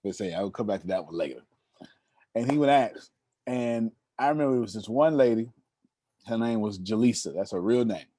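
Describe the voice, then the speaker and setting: Animated man telling stories to a crowd. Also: on the low side, a little fast, no room sound, clean studio sound. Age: 30s. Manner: animated, addresses the listeners directly and teases them. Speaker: motivational speaker. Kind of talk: storytelling talk to an audience.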